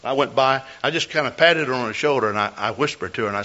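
A man's voice: medium pitch, fast, hardly any pauses, bright, forceful tone. An older man preaching a sermon as a pastor, telling a folksy story with repeated words and restarts. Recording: dull lo-fi recording.

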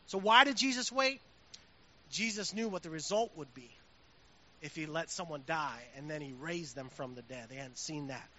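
Bright-voiced preaching man. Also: high voice, normal speed. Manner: conversational preaching with swelling emphasis. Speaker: pastor. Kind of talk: sermon. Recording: dull with faint hiss.

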